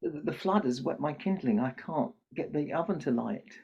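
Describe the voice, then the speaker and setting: A man's voice: fairly high pitch, animated, moderate pace, vocal fry, warm tone, slightly rough. An older man who works as Santa, telling a children's story in a podcast interview and acting out the characters' lines. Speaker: podcast guest, Santa performer. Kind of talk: storytelling in conversation. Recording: muffled lo-fi podcast audio.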